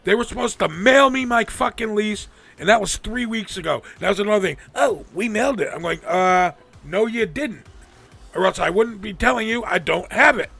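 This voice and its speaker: A man with a high, gravelly voice rants on his live stream, swearing freely and mimicking the people who wronged him. His tone is bright and sharp. Faint music plays behind him. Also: moderate pace. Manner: angry, profane venting with mocking quoted voices. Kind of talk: ranting casual talk.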